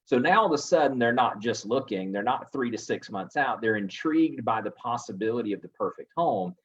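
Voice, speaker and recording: A man's voice: mid-range voice, expressive, a little fast, husky. A man hosting a real estate coaching webinar, teaching sales scripts and acting out buyer replies with animation. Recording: dull lo-fi audio.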